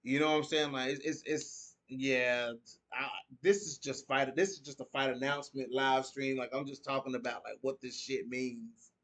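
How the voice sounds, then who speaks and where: A man's voice: medium pitch, little pitch movement, moderate pace, a bit bright. A man from the United States hosting a podcast live stream, chatting casually and reading viewer comments aloud. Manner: laid-back, reads viewer comments aloud and riffs on them. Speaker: podcast host.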